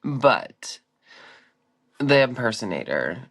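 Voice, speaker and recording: A woman's voice: rumbling low, very animated, takes it slowly, a bit bright. A woman co-hosting a podcast, chatting casually and emphatically about a reality show, stretching words for effect. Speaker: podcast co-host.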